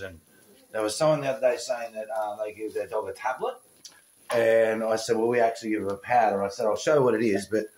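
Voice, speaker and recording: A man's voice: on the low side, a little mellow, a little hiss or hum. A man filming a home pet vlog, chatting casually and cooing to his dog in a playful sing-song voice. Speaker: pet vlogger.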